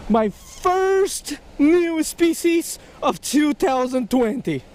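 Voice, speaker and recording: Excitable high-voiced man fishing a creek. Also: extremely slow, few pauses. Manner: excitable, talks to himself and the fish, shouts when excited. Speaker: fishing vlogger. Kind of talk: excitable outdoor fishing vlog. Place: outdoors at a creek.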